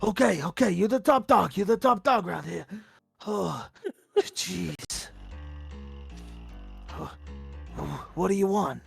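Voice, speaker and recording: A woman's voice: mid-range voice, slow pace, creaky, pauses often, breathy edge, soft background music, voice pushed down, exaggerated voice. A woman voicing a beaten, cowering male creature who grudgingly gives in.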